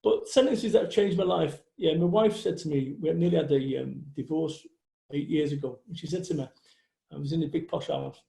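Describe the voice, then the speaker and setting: A man's voice: a little high, fairly quick, creaky, warm tone. A man in his forties from England, a guest speaker telling stories in a blunt, sweary, casual way. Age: 40s. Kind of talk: casual livestream chat. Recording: echoey room.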